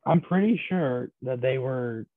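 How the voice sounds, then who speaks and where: A man's voice: mid-range voice, expressive, unhurried. A man co-hosting a casual sports chat, tossing in short, dry remarks. His voice sits in a middle register. It comes through thin and phone-like, with no room echo. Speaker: sports podcast co-host. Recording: tinny phone-like sound, dry.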